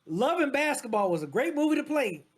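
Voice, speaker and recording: High, lively woman telling stories. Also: brisk, over a noisy crowd. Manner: storytelling, emphatic and profane. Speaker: guest. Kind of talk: casual chat.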